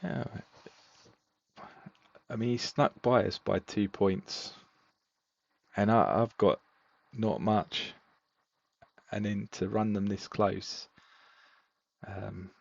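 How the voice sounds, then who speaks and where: A man's voice: fairly low pitch, slow, creaky, pauses often, highs cut off. A man co-hosting a podcast, chatting casually and rambling about game results. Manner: relaxed, rambling with fillers. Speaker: podcast co-host. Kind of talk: casual chat reviewing fantasy football games.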